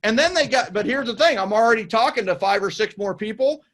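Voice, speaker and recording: A man's voice: high voice, animated, fast, fairly bright tone. A man hosting a podcast interview, talking in an enthusiastic, emphatic way and repeating his points. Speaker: podcast host. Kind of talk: casual interview chat.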